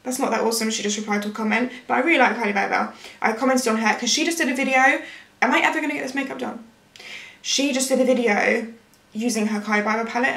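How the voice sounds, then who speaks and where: A woman's voice: a little high, vocal fry, fairly bright tone. A young woman chatting through a makeup tutorial, rambling and losing her train of thought. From Britain. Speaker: beauty vlogger. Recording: echoey room with faint music.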